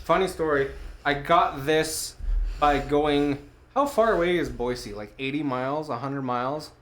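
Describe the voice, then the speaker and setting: A man's voice: fairly high pitch, measured pace, fairly bright tone. A man co-hosting a casual podcast, telling a long rambling story with plenty of fillers and casual swearing. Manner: rambling storyteller, loose and profane. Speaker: podcast co-host. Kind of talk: casual chat.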